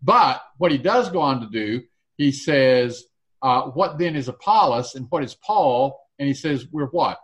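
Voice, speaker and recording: A man's voice: mid-range voice, expressive, unhurried. A man leading a casual Bible study discussion, reading verses aloud and thinking through their meaning.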